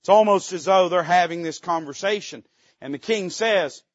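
A man's voice: sits high, normal speed, no echo. Male preacher, folksy and joking, punchy emphatic rises, muffled lo-fi recording. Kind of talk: sermon.

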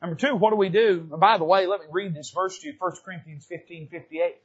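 A man preaching a sermon from the pulpit of a church, swinging from quiet, low passages to loud repeated questions. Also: steady tone, quick pace, muffled recording. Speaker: pastor. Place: church sanctuary.

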